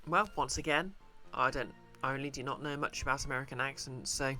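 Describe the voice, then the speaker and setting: A man's voice: mid-range voice, fairly even intonation, a little fast, bright, forceful tone, soft background music. A man chatting casually while streaming a game, musing and hesitant. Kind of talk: casual gameplay commentary.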